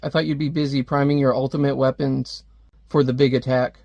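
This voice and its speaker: A man's voice: medium pitch, little pitch movement, a little fast, vocal fry, a little mellow, no room sound, highs cut off. A man reading a stern superhero ruler's comic lines aloud in a plain, demanding tone.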